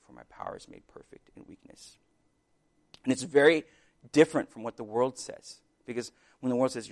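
A man preaching a sermon in an earnest, halting way, with restarts and sudden louder bursts. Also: on the low side, gravelly.

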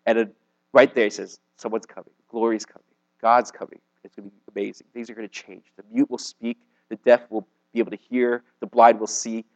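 A man preaching a casual sermon, explaining a Bible passage with slang, restarts and bursts of loud emphasis. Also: medium pitch, little pitch movement, a little fast, dull audio. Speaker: pastor.

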